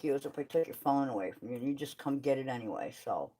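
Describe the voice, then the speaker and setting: A woman's voice: rumbling low, lively intonation, quick pace, mellow, slightly rough. A woman chatting frankly while doing farm chores, tired and swearing casually. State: tired, with back pain. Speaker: kennel owner doing chores.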